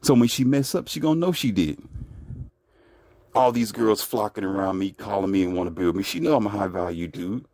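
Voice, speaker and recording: Man, relationship commentator, blunt, brash, lecturing, lowish voice. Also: expressive, a little fast, a little mellow, no echo. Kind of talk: casual commentary monologue.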